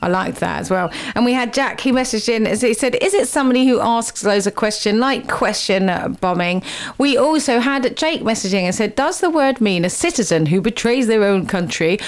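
A woman's voice: fairly high pitch, animated, moderate pace. A woman hosting a radio show in a studio, chatty and teasing as she quizzes her guests. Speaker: radio host.

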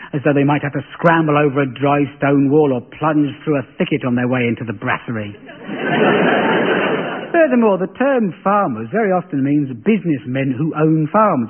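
A man's voice: medium pitch, slightly rough. An English man hosting a comedy panel show, delivering a satirical monologue in a dry, sardonic way. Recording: lo-fi phone-like radio broadcast.

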